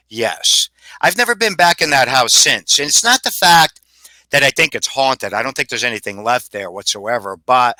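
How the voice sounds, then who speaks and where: A man's voice: medium pitch, sharp tone, dry recording. A man telling stories as a guest, rambling and salty, swearing freely. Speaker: paranormal investigator guest. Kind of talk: casual storytelling.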